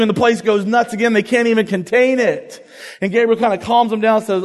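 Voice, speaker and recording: A man preaching a sermon to a crowd, telling the story in a lively, casual way with slang. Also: sits high, fairly quick. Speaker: pastor. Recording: long hall reverb.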